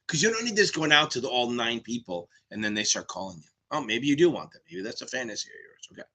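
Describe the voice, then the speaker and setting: A man in his fifties hosting a live exam Q&A stream, talking fast, cursing and rambling. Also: medium pitch, sing-song, vocal fry, pushed and bright. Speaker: exam tutor, stream host.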